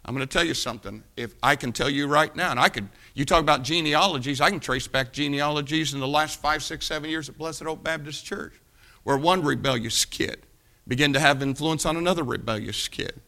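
A male pastor preaching in an emphatic, direct style. His voice is gravelly and sharply forceful, pitched a little high for a man. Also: a little fast. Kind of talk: sermon.

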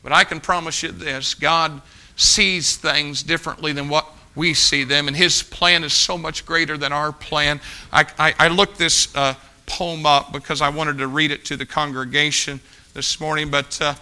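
A man preaching a sermon as pastor, reading a poem aloud slowly and expressively, swinging between loud emphatic lines and soft, low ones. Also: steady tone, clean tone.

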